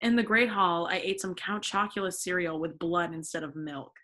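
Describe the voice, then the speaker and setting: A woman's voice: lowish voice, moderate pace, sharp tone. A woman in her twenties hosting a casual podcast, reading a story aloud with theatrical flair and frequent giggles. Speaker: podcast host. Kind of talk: casual dramatic reading with friend.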